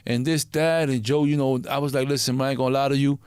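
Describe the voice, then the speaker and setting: In clean, echo-free studio sound, a man with a medium-pitched voice speaks fast as he relates stories in a relaxed interview. Profane and streetwise, he acts out the quotes of the people involved.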